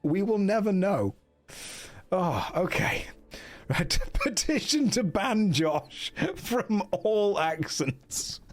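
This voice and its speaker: A man's voice: sits high, very animated, slow. An English man streaming a gamebook, bantering with chat in a jokey way and laughing often. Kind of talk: casual stream commentary.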